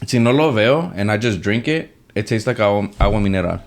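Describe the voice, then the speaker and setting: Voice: medium pitch, expressive, brisk. A podcast co-host tells an offhand story in a loose, casual way. The speech jumps between English and Spanish mid-sentence. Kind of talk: casual chat.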